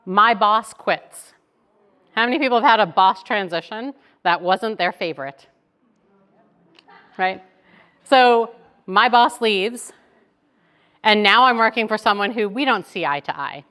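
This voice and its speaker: A woman, giving a keynote talk as lively conversational storytelling that keeps checking in with "right?". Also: medium pitch, unhurried, pauses often, clean tone. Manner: chatty, animated, tags lines with "right?". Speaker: keynote speaker.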